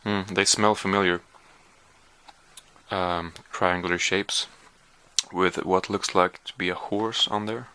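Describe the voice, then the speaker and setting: A man's voice: low voice, flat delivery, takes it slowly, pauses often, sharp tone, smooth. A man chatting casually through a taste-test vlog, hesitant with lots of fillers, sometimes talking while chewing. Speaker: vlogger.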